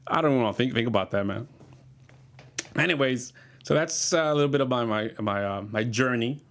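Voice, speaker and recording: A man's voice: mid-range voice, normal speed, pauses often, a bit bright. A comedian casually telling rambling, profane stories about his past and often laughing as he talks.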